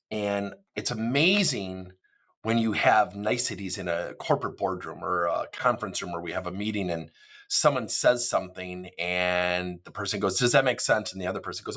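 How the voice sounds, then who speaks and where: A man in his fifties giving a motivational talk as a corporate trainer, animated and acting out quoted dialogue. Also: deep voice.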